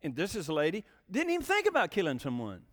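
Animated older preacher. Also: male voice, high voice, quick pace. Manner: folksy, animated, asks the congregation questions. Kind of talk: sermon.

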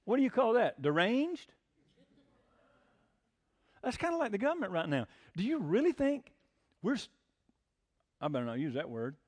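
A man's voice: high-pitched, big pitch swings, moderate pace, long pauses, a little mellow. An older man preaching a folksy sermon as pastor, mixing homespun jokes with emphatic preaching. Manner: homespun, jokey asides, rising to emphatic preaching.

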